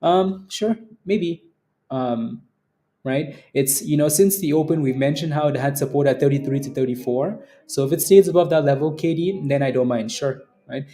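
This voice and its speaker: A man's voice: a little high, normal speed, mellow. A man hosting a casual live day-trading stream. He rambles, laughs often and keeps adding "right?" to his sentences. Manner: rambling and chatty, laughs often, many "right?" tag questions. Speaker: day-trading livestream host. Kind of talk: casual live market commentary.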